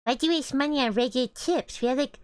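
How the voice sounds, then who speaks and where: A woman's voice: high voice, fast, no room sound. A young woman joining a stream, chatting casually in a teasing, playful way. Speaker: streamer's housemate guest. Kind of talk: casual chat.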